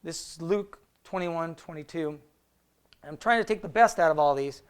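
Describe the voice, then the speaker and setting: A man leading a casual Bible study, talking through verses conversationally, asking rhetorical questions and reading old scripture slowly. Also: a little high, clean tone. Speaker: Bible teacher.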